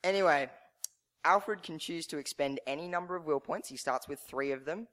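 Excitable male co-host, bright and slightly high, gushing. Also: moderate pace. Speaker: podcast co-host. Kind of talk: casual chat.

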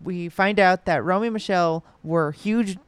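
Chatty woman with a smooth voice. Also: on the low side, moderate pace, no room sound. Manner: chatty, fillers and restarts, laughs a lot. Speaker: podcast co-host. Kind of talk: casual movie recap chat.

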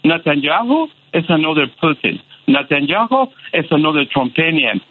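A man with a higher voice and big pitch swings makes a passionate call-in to radio over a tinny phone line. He halts often and keeps repeating filler words.

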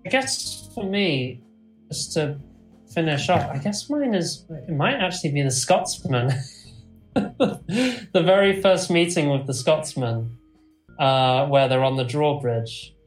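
A man's voice: fairly high pitch, lively intonation, takes it slowly, reverberant, soft background music, poor audio. Enthusiastic rambling podcast co-host, man. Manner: enthusiastic, rambling, many fillers. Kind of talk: casual chat.

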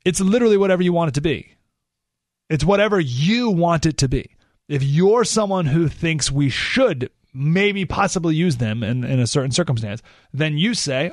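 A man hosting a talk radio show, delivering an animated monologue full of rhetorical questions and sarcasm. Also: a little high, normal speed, no echo, studio quality.

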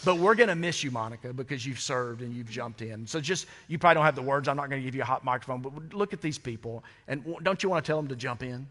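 Conversational pastor preaching in a reverberant sanctuary. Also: male voice, medium pitch, fast, few pauses, a bit bright. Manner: conversational, humorous preaching with rhetorical questions. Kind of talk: sermon. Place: church sanctuary. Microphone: microphone. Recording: long hall reverb.

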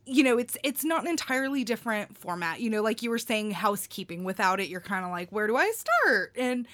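A woman's voice: mid-range voice, quick pace, fairly bright tone. A woman hosting a podcast, talking casually with many restarts and filler phrases. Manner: rambling, many you-knows and restarts. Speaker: podcast host.

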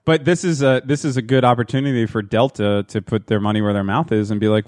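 A man's voice: mid-range voice, fairly even intonation, quick pace, a little mellow, dry recording, studio quality. A man co-hosting a podcast, cracking profane jokes and laughing through casual banter. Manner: profane, wisecracking, laughs often. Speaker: podcast co-host.

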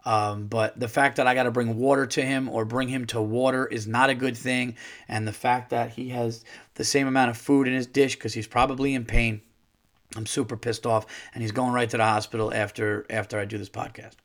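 A man's voice: mid-range voice, level tone, fairly quick, a bit bright. A middle-aged man hosting a podcast alone, ranting angrily with lots of swearing and acting out conversations. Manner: angry ranting, swearing, acts out dialogue. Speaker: podcast host. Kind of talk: solo podcast rant.

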